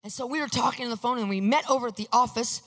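A woman sharing a personal faith testimony, storytelling in an animated way and acting out the voices she quotes. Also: on the high side, racing. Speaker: Christian speaker sharing a testimony.

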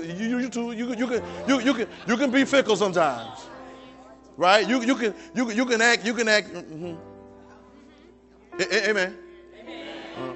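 A man preaching a sermon in a church service, urging the congregation to repeat his words. He swings from soft, low asides to loud, shouted exhortations, with many repeated phrases and restarts. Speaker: pastor. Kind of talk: sermon with call-and-response.

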